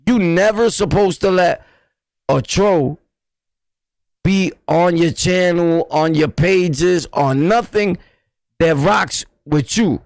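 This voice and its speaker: A man's voice: high-pitched, slow pace, no echo. A man with a New York accent hosting a casual livestream, talking bluntly in repetitive street slang. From New York City. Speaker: livestream host.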